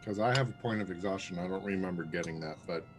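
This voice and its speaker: A player in a tabletop game who talks slowly and laughs between remarks. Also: sits low. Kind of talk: casual tabletop play. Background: music.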